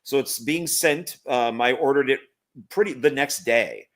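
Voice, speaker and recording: A man's voice: mid-range voice, a little slow, fairly bright tone. A man co-hosting a casual movie chat, easygoing and hesitant, with frequent fillers. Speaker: co-host.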